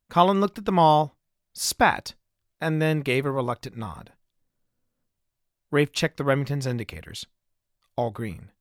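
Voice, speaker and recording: A man narrating his own adventure story in an even, measured way, recorded close to a studio mic. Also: mid-range voice, no room sound. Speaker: author and narrator. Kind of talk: scripted audiobook narration.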